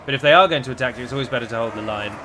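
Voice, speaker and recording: A man's voice: medium pitch, racing, bright, forceful tone, soft background music. A man commenting on his own strategy game, chatty and wry, asking his units what they are doing. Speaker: gameplay commentator.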